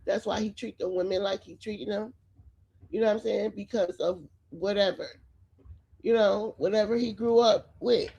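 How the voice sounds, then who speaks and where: A woman's voice: mid-range voice, fairly even intonation, normal speed, gravelly, dark tone, slightly rough, muffled recording. A woman giving casual, opinionated celebrity gossip commentary straight to her viewers. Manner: chatty, opinionated, addresses viewers directly. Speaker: commentary vlogger.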